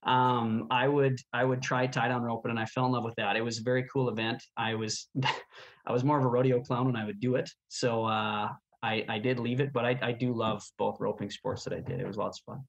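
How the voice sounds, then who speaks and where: A man in his thirties from Canada, a rodeo announcer telling his story as a guest in a casual interview, chatty and animated with easy laughs. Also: mid-range voice, brisk, creaky, highs cut off.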